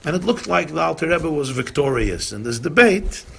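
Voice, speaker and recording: A rabbi speaks at normal speed in a voice on the high side with vocal fry, with a little hiss or hum on the recording. Telling stories at a community gathering, he animatedly performs the dialogue and weaves in Yiddish and Hebrew.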